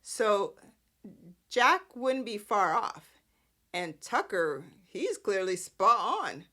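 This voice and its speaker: A woman's voice: mid-range voice, big pitch swings, takes it slowly, sharp tone. A woman hosting a podcast, recapping soap opera episodes in a chatty, sarcastic way with lots of "like" fillers. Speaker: podcast host.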